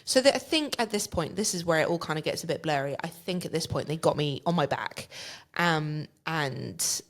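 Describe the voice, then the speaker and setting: Lively woman telling a story, low-pitched. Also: moderate pace. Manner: vivid, swears freely, acts out quoted dialogue. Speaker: podcast guest. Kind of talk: casual storytelling chat.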